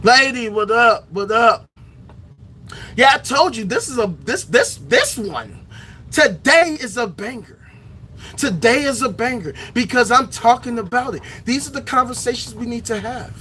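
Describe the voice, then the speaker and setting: Man for a ranting vlog host: high, sharp voice, loud and angry, shouts a lot, swears constantly. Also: lively intonation, unhurried, slightly rough. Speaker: online show host. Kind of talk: profane impassioned rant.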